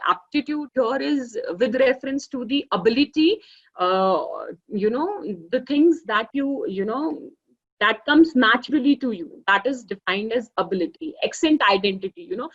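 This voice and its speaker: A fairly high-voiced woman with an Indian English accent lectures an online class, leaning on "you know" and "okay" as she explains. The sound is dull and lo-fi, like laptop audio. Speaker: teacher.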